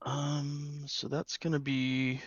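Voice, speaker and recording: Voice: medium pitch, monotone, takes it slowly, no echo, lo-fi sound. A player in a tabletop game who announces attacks and rolls with a hesitant, casual delivery. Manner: hesitant, with fillers.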